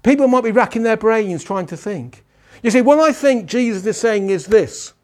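A male pastor preaching a sermon, asking rhetorical questions and pausing for emphasis. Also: high voice, expressive, a little mellow.

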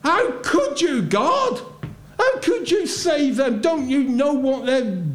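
A man's voice: very high-pitched, a little slow, darkish tone. A man voicing the prophet Jonah as a resentful, indignant grown man, firing questions at God. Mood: angry. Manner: pleading, exclaiming questions at God. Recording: roomy echo.

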